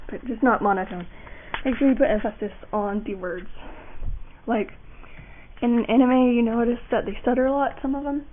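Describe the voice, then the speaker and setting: A woman's voice: a little high, normal speed, a little hiss or hum. A young woman giving a casual voice acting how-to, rambling with fillers and restarts. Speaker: voice acting tutorial maker. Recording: tinny lo-fi home mic.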